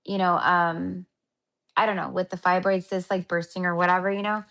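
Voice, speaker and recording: A woman's voice: lowish voice, little pitch movement, normal speed, vocal fry, a bit bright. Chatty woman livestreaming to her viewers. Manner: affectionate, calls viewers honey and my love; rambling with many fillers and restarts. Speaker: livestream spiritual healer. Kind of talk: casual livestream chat to viewers.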